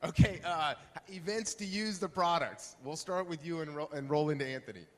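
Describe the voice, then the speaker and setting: A man's voice: a little high, moderate pace. A man moderating a conference panel, polling the audience and handing off to panelists. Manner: upbeat, polls the audience, hands off to panelists. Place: conference hall. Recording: long hall reverb.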